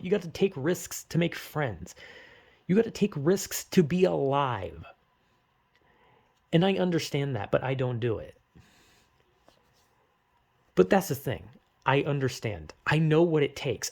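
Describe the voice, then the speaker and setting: In a medium-pitched, darkish voice, a young man delivers a rambling, emotional personal monologue. He swears often and puts himself down, interrupted by bursts of urgent pep talk.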